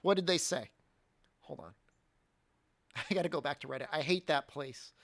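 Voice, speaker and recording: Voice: mid-range voice, moderate pace, noisy background. A game streamer chatting casually on a live stream, ranting in a mock-angry way and laughing often.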